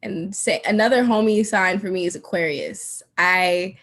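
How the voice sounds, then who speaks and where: A woman's voice: medium pitch, a bit bright. A woman hosting a casual podcast chat about astrology, laughing often and leaning on "like". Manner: laughs often, drawn-out filler "like". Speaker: podcast host.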